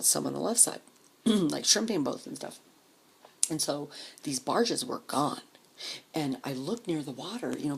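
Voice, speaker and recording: A woman's voice: sits low, vocal fry, a little hiss or hum. A woman telling a long personal story in a casual, profane way, acting out what people said and sometimes dropping to a whisper. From Denver area, US. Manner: profane, animated, acts out quoted voices, drops to whispers. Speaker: vlogger.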